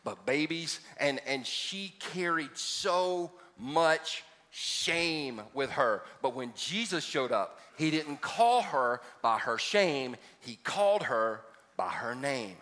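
A man's voice: medium pitch, expressive, slow pace, pushed and bright. A man preaching a sermon, folksy and joking, building to emphatic points. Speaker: pastor. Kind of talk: sermon with storytelling. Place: large church hall. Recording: reverberant church hall.

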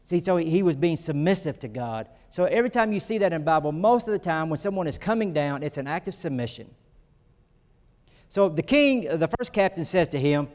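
A man's voice: fairly high pitch, lively intonation, fairly quick, darkish tone. A man preaching a sermon, earnest, with his voice lifting for emphasis. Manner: earnest preaching, rises when acting out quotes. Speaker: pastor. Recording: long reverb of a hall.

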